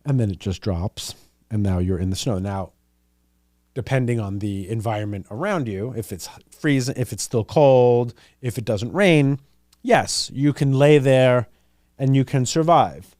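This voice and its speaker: A young man hosts his own podcast alone, thinking out loud in a loose, rambling way full of "like" and "you know". His voice is dark and mellow, recorded close and dry. He is earnest and openly emotional about his ideas. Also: mid-range voice, a little slow, dry recording. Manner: earnest, gets emotional and teary. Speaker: podcast host. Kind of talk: casual solo podcast musing.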